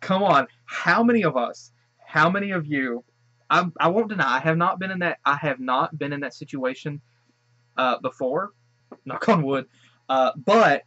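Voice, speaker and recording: A man's voice: on the high side, lively intonation, normal speed, bright, forceful tone, no echo, dull audio. A man giving casual reaction commentary on a cartoon episode. He gushes and rambles, restarting his sentences often. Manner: gushing and rambling, many restarts. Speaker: show reaction host.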